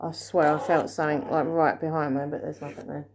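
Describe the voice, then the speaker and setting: A woman vlogging a paranormal session at home, talking quietly and nervously as she calls out questions to spirits. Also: low voice, little pitch movement, fairly quick, background noise. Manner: hushed, nervous, asking questions into the dark. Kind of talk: ghost-hunting session vlog.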